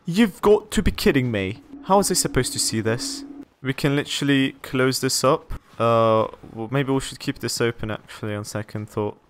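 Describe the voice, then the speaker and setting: A young man playing a horror game and talking through it, jittery and quick to exclaim and repeat words when scared. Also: mid-range voice, a bit bright, slight background noise. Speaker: gaming YouTuber. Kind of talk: horror game let's play commentary.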